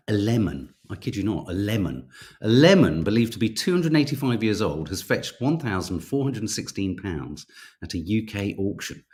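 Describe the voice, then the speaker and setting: A man's voice: fairly low pitch, a little mellow. Chatty British man hosting a quiz. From United Kingdom. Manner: chatty, self-mocking, stumbles over names. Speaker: podcast co-host running a viewer quiz. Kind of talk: casual live-stream chat.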